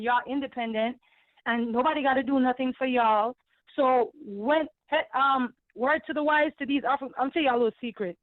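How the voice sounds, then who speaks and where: Woman caller, high voice, emphatic and repetitive, tinny dry phone line. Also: no echo. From Caribbean. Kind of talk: heated call-in rant.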